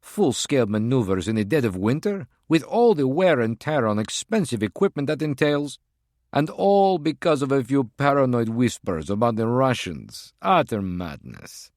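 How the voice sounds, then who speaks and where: A dismissive army commander, voiced by a man, scornful and pitched a little higher than the narration. His words come out sharp and contemptuous. The recording is dry. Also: big pitch swings, normal speed, no room sound.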